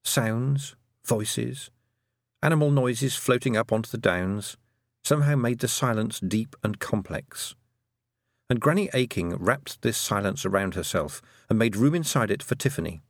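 A man narrating an audiobook with gently wry, unhurried storytelling. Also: lowish voice, no room sound, studio quality.

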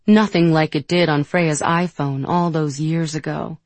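A woman narrating an audiobook in a measured, gentle storytelling manner, close to the mic. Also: deep voice, steady tone, dry recording. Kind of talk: scripted narration.

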